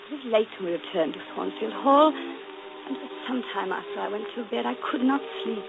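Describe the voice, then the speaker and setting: Jane Eyre, proud young governess. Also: female voice, medium pitch. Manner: crisp, dignified, turns bitter and fervent. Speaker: radio drama lead and narrator. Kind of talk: 1940s radio acting. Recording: muffled noisy 1940s radio broadcast.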